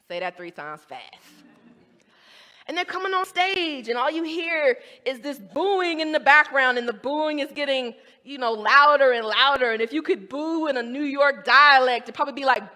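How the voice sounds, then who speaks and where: Brief: high, lively woman, emphatic lecture voice, long hall reverb. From American South. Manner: emphatic, rhetorical, with asides. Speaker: guest lecturer. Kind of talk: academic talk to an audience.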